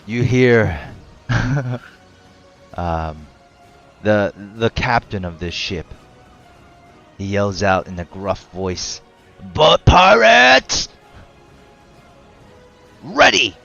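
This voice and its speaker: A man's voice: low voice, very slow, long pauses, dull audio, soft background music. A man narrating as game master of a tabletop game, laid-back and hesitant, often laughing.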